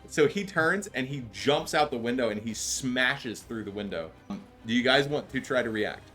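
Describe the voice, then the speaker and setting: Low-key man running a tabletop game. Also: animated, normal speed, sharp tone. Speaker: game master. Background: background music.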